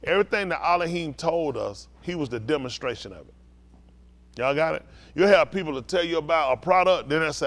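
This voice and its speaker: A fairly quick, animated man with a high-ish, slightly bright voice preaches as a pastor. He teaches scripture call-and-response style and keeps making sure his listeners follow him.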